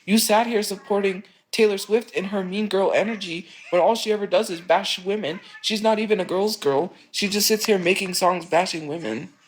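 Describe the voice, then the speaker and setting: A woman's voice: mid-range voice, moderate pace, hardly any pauses, a little hiss or hum, low-quality recording. A woman streamer talking in a rambling, emotional, confessional way. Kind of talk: casual rambling stream talk.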